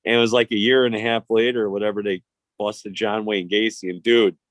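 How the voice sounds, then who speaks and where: A man's voice: fairly low pitch, little pitch movement, brisk, no echo. A man, telling stories in casual, profane, rambling chat as a podcast host. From Chicago. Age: 50s.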